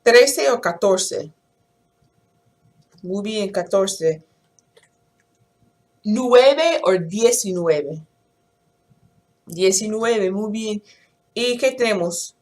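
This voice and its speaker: A woman teaching a language lesson, explaining in English and slowly counting and quizzing numbers aloud. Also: mid-range voice, animated, darkish tone. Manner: slow, deliberate counting with clear pronunciation drills. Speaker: Spanish teacher.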